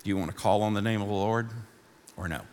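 A male pastor preaching a sermon in a church, building to fired-up shouting and easing into a softer prayer. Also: lowish voice, level tone, racing, clean tone, big-room sound. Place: church sanctuary.

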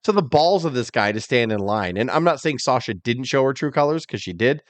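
A man co-hosting a wrestling podcast, chatting casually and telling profane, animated stories. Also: mid-range voice, a little fast, no echo. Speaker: podcast co-host. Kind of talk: casual chat.

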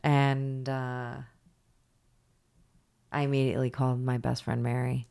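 A woman with an unusually low voice co-hosts a casual podcast. She tells stories in a chatty, meandering way, pausing often on "um" and "uh". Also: flat delivery, creaky, warm tone, smooth. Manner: storytelling, chatty, hesitant fillers. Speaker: podcast co-host. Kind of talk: casual chat.

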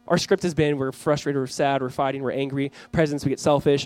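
A man's voice: fairly high pitch, lively intonation, quick pace, dry recording. A man preaching a sermon as pastor, talking in a conversational way that swells into fervent emphasis.

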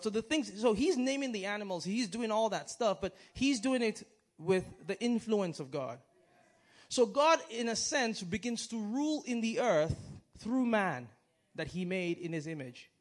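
A man preaching a sermon in a conversational way, with restarts and questions to the audience. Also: high-pitched. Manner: conversational, halting, with restarts and chuckles.

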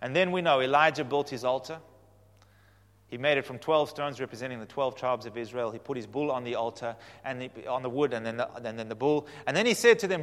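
Preacher in a reverberant hall. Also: male voice, mid-range voice, brisk. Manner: animated storytelling, swinging from loud to hushed. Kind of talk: sermon.

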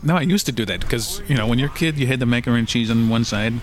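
A man's voice: mid-range voice, racing. A man in a band chatting casually, sheepish and easygoing as he tells stories. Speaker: musician, band member. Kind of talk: casual chat.

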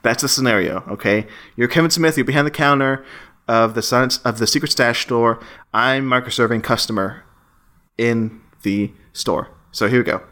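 Bright-voiced, rambling male podcaster. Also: mid-range voice, normal speed. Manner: rambling with many restarts, playful. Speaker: podcast co-host. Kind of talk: casual chat.

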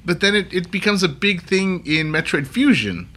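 Male podcast co-host, crisp bright tone, quick halting delivery. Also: high voice, expressive. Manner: fast, halting, quick laughs. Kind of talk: casual chat.

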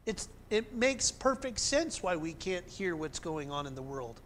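A male pastor preaching a sermon in an animated way, climbing to emphatic peaks and then dropping soft. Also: high voice, measured pace, slight background noise.

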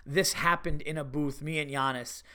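A man hosting a podcast, telling stories in a casual, animated way, laughing often and swearing freely. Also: on the high side, normal speed, clean tone. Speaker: podcast host. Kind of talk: casual storytelling monologue.

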